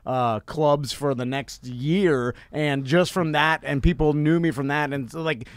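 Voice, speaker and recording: Male host, slightly high voice, loose chatty questions, dry studio sound. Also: fairly even intonation, measured pace, clean tone, no echo. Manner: rambling, many fillers and yeahs. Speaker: podcast host. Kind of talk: casual interview chat.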